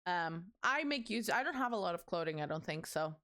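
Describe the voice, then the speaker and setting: A young woman streams live while building, chatting casually and rambling to her chat in a slightly strained voice. She calls herself a yapper, and her low-ish voice comes across animated, a bit fast, bright and forceful.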